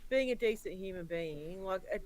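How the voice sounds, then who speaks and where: A woman's voice: medium pitch, expressive, moderate pace, darkish tone, rough recording. Earnest woman hosting a livestream. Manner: earnest, supportive, emphatic. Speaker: livestream host. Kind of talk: casual livestream chat.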